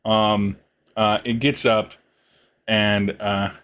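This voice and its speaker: A man's voice: fairly low pitch, level tone, a bit bright, smooth. A man running a tabletop game as game master, narrating a monster's turn with frequent fillers and chuckles. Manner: halting, many fillers, chuckling.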